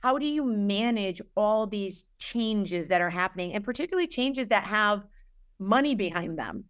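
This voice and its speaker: A woman's voice: mid-range voice, lively intonation, moderate pace, smooth. A woman hosting an interview show, asking frank, conversational questions that she rephrases as she goes. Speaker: podcast host. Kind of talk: casual interview chat.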